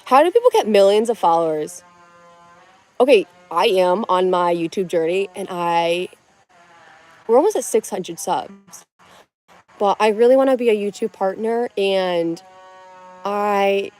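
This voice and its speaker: A woman's voice: mid-range voice, expressive, unhurried, long pauses, a little mellow, soft background music. Young adult woman, live streamer, fresh out of bed, casual and rambling. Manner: chatty and rambling, many "like"s and restarts. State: just woke up, dry-lipped.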